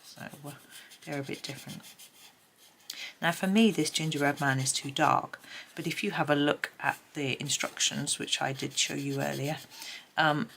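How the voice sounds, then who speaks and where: A woman's voice: sits low, gravelly, a bit bright, slight background noise. A middle-aged woman with a chatty, rambling manner, talking casually at her desk while colouring. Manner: chatty, rambling, many ums. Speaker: colouring tutorial host. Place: home desk.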